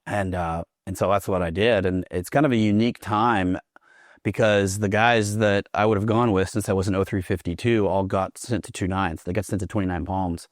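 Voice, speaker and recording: Recorded dry with clean studio sound, a man with a deep, steady voice speaks at a moderate pace. He is a Marine veteran guesting in a casual interview, swearing plenty and laughing as he tells his stories.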